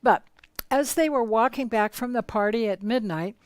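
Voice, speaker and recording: A woman's voice: a little high, normal speed, no echo. Dramatic woman storyteller, dry close sound. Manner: lively, dramatic storytelling with shifts in loudness. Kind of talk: spiritual storytelling talk.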